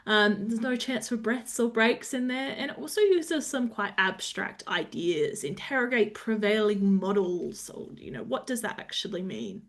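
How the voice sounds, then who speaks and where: A woman's voice: mid-range voice, expressive, moderate pace, few pauses. Aussie woman giving a webinar talk, explains things, lots of ums, bit of a laugh. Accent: Australian. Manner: explanatory, lightly humorous, with frequent "um". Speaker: webinar presenter.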